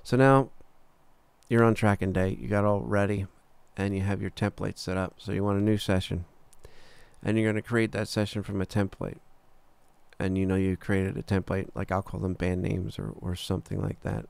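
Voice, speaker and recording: A man teaching a recording workflow in a screen-recorded tutorial, relaxed and casual, talking through each step with filler words and the odd "boom". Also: normal speed, gravelly, clear, resonant tone, no room sound. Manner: relaxed, talks through steps as he clicks, frequent "uh" and "boom". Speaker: recording engineer teaching software.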